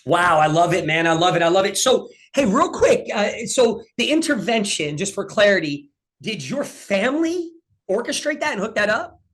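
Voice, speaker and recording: Male host, enthusiastic interviewer with a lively, swinging pitch. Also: moderate pace. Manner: enthusiastic, asks follow-up questions. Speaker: host, performance coach.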